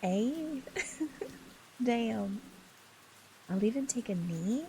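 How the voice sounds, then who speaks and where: A woman's voice: very slow, rough recording. Giggly woman streamer, rain behind. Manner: giggly and playful, laughs often; squeals up high when flustered. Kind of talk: casual chat with a live stream audience. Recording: steady rain noise in the background.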